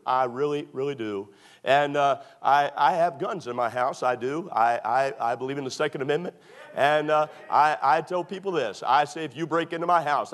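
A middle-aged man preaching a sermon to his church, restarting his sentences and repeating emphatic phrases. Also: a little high. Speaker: pastor. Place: church sanctuary.

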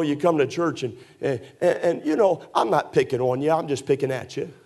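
A man's voice: fairly high pitch, vocal fry, darkish tone. A man preaching a sermon in a church, emphatic and folksy, teasing his listeners with sarcastic asides. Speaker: pastor.

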